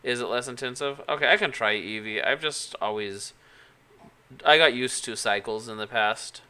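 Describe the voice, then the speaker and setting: A man's voice: medium pitch, moderate pace, sharp tone, clear, resonant tone. A man from Utah streaming live, chatting casually and thinking aloud with hesitant restarts as he works. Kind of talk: casual live-stream chat while working.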